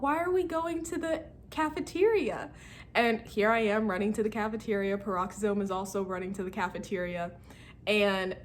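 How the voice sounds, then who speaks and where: Lively young woman vlogger. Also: medium pitch, slight background noise. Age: 20s. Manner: animated, laughs while retelling a game and acts out friends' lines. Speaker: student vlogger. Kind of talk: casual storytelling vlog.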